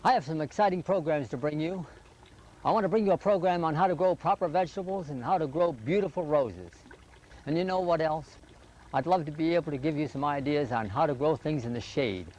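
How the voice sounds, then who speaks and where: A man's voice: on the high side, fairly quick, darkish tone. A man hosting a folksy how-to gardening show outdoors, talking straight to viewers in a chatty, homespun way. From Northern Virginia. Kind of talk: folksy how-to presentation to camera. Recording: faint background noise, 1980s local TV.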